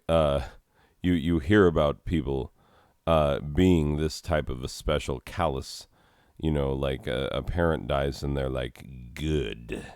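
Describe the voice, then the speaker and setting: Very deep, slow-talking grieving man. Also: clean tone, dry recording, clean studio sound. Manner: reflective, philosophical musing. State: emotional, grieving. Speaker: teacher. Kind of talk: casual spoken monologue.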